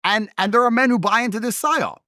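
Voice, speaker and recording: A man's voice: sits high, quick pace, bright, forceful tone, no echo, studio quality. A man in casual podcast conversation, talking bluntly and emphatically. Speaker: podcast guest.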